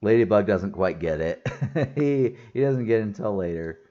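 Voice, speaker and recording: A man's voice: low-pitched, brisk, warm tone, highs cut off. A man giving a casual spoken movie review, chatty, with frequent laughs and restarted sentences.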